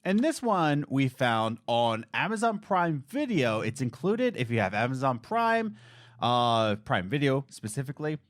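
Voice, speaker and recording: A man co-hosting a casual gaming podcast, joking and telling stories with lively voice changes. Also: medium pitch, no room sound, clean studio sound. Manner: animated, jokey, quick voice changes. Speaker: podcast co-host. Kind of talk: casual chat.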